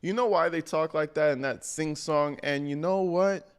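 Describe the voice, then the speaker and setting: A man's voice: fairly high pitch, normal speed, clean tone. A man streaming live, reacting to a video with blunt, mocking and profane commentary.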